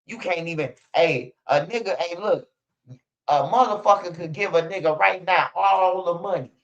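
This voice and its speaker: A man's voice: high-pitched, moderate pace, a bit bright, highs cut off. A man ranting bluntly in casual street slang, repeating himself and swearing often. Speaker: streamer.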